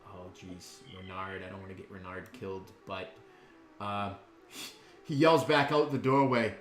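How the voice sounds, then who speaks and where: A man's voice: deep voice, fairly even intonation, unhurried, roomy sound. A man narrating a tabletop game as dungeon master, in a laid-back way with lots of ums and chuckles.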